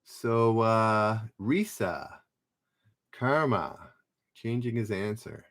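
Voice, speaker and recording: A man runs a live-streamed pub quiz in a loose, chatty way. He reads each question aloud and calls out the players who answer. His voice sits a little on the low side. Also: expressive, drawn-out words, fairly bright tone. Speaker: trivia quiz host.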